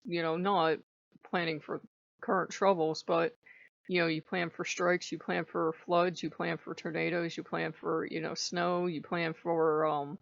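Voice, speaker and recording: A woman's voice: lowish voice, level tone, unhurried, creaky, no room sound. A woman from the rural countryside chatting to her channel in a rambling, frank way. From rural United States. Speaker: channel host. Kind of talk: casual vlog chat. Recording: dry lo-fi recording.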